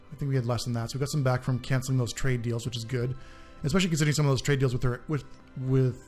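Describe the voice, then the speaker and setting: A man's voice: mid-range voice, a little mellow. Man thinking aloud over strategy gameplay. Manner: thinking aloud, hesitant, trails off mid-sentence. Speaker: gaming channel host. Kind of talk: casual strategy game let's play commentary.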